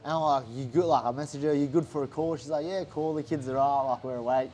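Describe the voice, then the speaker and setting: A man with an Australian accent telling a story in a casual interview, animated and swearing often. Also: on the high side, fast, slight background noise. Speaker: interview guest, fighter.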